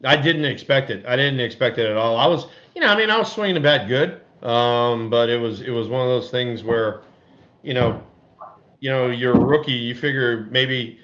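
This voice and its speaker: An older former ballplayer telling stories in casual podcast chat, animated and acting out quotes in a raised voice. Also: male voice, mid-range voice, normal speed. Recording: dull lo-fi audio.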